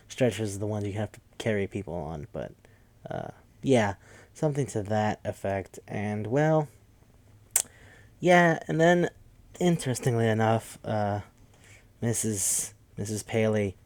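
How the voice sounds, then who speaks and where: A man's voice: fairly low pitch, darkish tone, no echo. Rambling, profane man recapping a movie. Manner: rambling, profane, acts out characters' lines. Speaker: podcast host.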